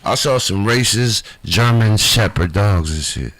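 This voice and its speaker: A man's voice: lowish voice, expressive, unhurried, a bit bright, rough recording. A man hosting his own comedy live stream, riffing loosely and swearing freely as he tells jokes to viewers.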